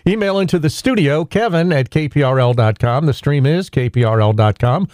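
A male radio host reading the weather, sponsor messages and phone numbers in a brisk, matter-of-fact way, then taking calls. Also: fairly high pitch, animated, a little mellow, no echo. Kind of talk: local morning radio hosting.

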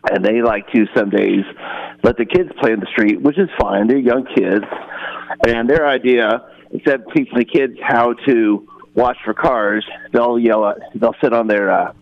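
A man's voice: medium pitch, moderate pace. A male caller telling a rambling, exasperated story on a phone-in show, chuckling now and then. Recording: muffled phone line.

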